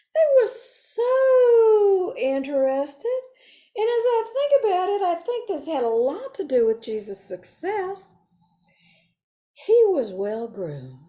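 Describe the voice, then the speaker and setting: Woman doing a prim older Sunday school teacher, fussy, lilting, high-pitched, unhurried. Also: dark tone, heavily acted. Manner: lilting, prim, stagey digressions. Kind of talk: comic monologue performance.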